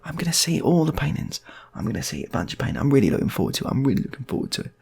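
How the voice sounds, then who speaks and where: A man's voice: medium pitch, very animated, very fast, gravelly, darkish tone, husky, voice pushed up, heavily acted. A man voicing a blunt, brash builder who calls everyone mate. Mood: blokey. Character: blunt working-class male builder, soft-hearted bloke.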